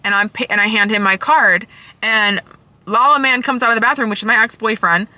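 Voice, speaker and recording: A young woman's high, bright voice tells her story to the camera. She talks in heated, emphatic bursts and swears freely, with a sharp edge to her tone. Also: fairly even intonation, brisk, dry recording. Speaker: vlogger. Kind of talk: storytime vlog.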